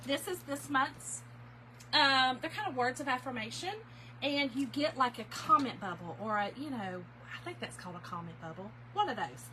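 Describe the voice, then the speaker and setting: A woman's voice: high-pitched, lively intonation, normal speed, pushed and bright, slight background noise, rough recording. Chatty woman hosting a live sale. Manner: chatty, effusive, thanks viewers by name; gets emotional and laughs easily. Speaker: host of a live craft-supply sale. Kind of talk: casual livestream chat.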